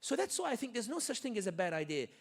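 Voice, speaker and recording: A man giving an animated, joking community talk full of stories and quick asides. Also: very high voice, vocal fry. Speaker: guest speaker. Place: community center hall.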